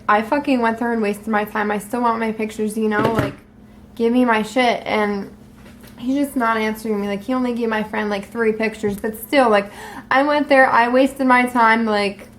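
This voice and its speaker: Animated, foul-mouthed young woman vlogger. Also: a little high, normal speed, slight background noise. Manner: profane, animated, full of likes. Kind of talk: casual storytime vlog.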